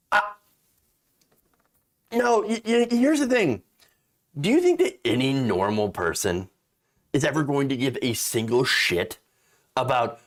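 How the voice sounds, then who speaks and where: Sarcastic, animated male political commentator. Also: mid-range voice, slow pace, long pauses. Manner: sarcastic, mocking, exasperated, swears freely.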